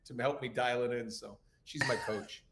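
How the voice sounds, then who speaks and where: A man guest on a casual live show, telling animated stories with quick asides and quoted voices. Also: mid-range voice, creaky, noisy background. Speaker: guest voice actor. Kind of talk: casual podcast chat.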